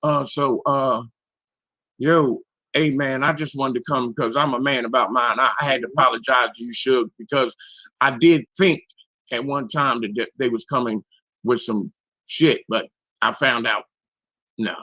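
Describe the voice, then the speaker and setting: A man in his sixties with a raspy, hoarse voice calls in to a panel show and talks bluntly and with lots of swearing. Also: medium pitch, fairly even intonation, moderate pace, sharp tone, dry recording. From Philadelphia area, US. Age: 60s. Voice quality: raspy, strained voice. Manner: blunt, profane, emphatic. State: hoarse after illness. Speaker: caller on a live panel show. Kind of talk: casual call-in talk.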